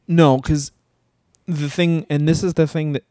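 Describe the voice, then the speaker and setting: A tired man co-hosting a podcast in a loose, rambling way, swearing freely and breaking into laughs. His voice is mellow and smooth. The sound is dry and close. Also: fairly high pitch, flat delivery, measured pace, no room sound. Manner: profane, rambling, laughs often. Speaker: podcast co-host. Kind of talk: casual comedic chat.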